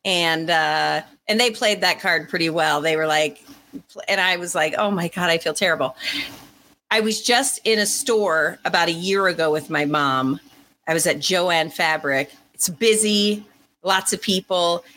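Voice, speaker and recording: A woman in her forties with a bright, forceful voice, chatting casually on a podcast. She tells her stories with animation and laughs often. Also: on the low side, a little slow. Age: 40s. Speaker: podcast co-host. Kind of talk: casual chat.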